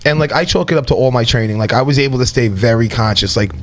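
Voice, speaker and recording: A man co-hosting a podcast, telling a wild story in a casual, profane, animated way. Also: mid-range voice, fast, slight background noise. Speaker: podcast co-host.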